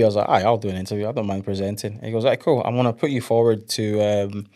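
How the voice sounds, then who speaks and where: Speaking fast with few pauses in a low-leaning voice, a young man chats casually as an interview guest. He's an animated storyteller who performs what other people said.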